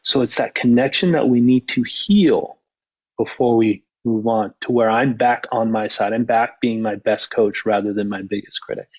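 A man who is a mental performance coach and author, talking calmly and reflectively in a casual podcast conversation. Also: medium pitch, moderate pace, highs cut off.

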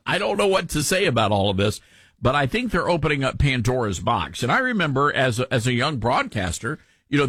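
A man with a light Tennessee Southern accent hosting a talk radio show, folksy and animated in his commentary. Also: medium pitch, breathy edge, no room sound.

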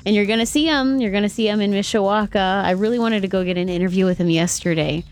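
A woman's voice: medium pitch, fast, faint music behind. Bubbly woman radio morning host. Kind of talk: casual morning radio banter.

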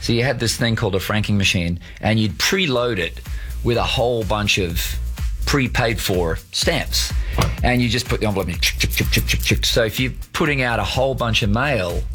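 A man's voice: fairly low pitch, normal speed, a bit bright, soft background music. A man telling a casual, chatty anecdote with a laughing, easygoing manner. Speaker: celebrity guest.

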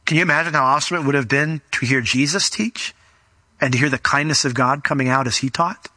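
A man's voice: medium pitch, quick pace, bright, forceful tone, dry recording. A male pastor preaching a conversational sermon, emphatic and acting out quotes.

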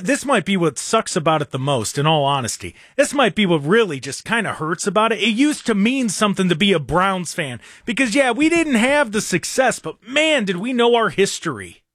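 A man's voice: sits high, a bit bright, dry recording, clean studio sound. A young adult man, hosting a sports talk show and ranting in an exasperated, emphatic way. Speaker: sports talk radio host.

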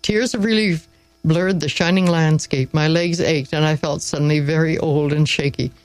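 A woman reading a story aloud in a measured, wry storytelling manner. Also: deep voice, steady tone, no room sound, soft background music, low-quality recording.

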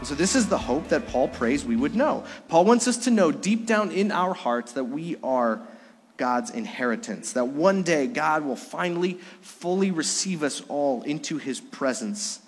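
A middle-aged man preaches from the pulpit with a fairly high voice, leaning hard on key words and then dropping to a hush. The long reverb of the church sanctuary trails behind him. He sounds earnest and heartfelt. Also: lively intonation, a little slow, faint music behind. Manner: earnest preaching, swings between loud emphasis and soft hushed lines. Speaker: pastor. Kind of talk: sermon. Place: church sanctuary during a Sunday service.

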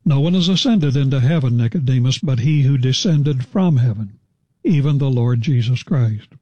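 A man preaching an expository Bible lesson, reading verses and explaining them in a measured, conversational way. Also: medium pitch, dark tone, no echo. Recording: slightly dull, lo-fi.

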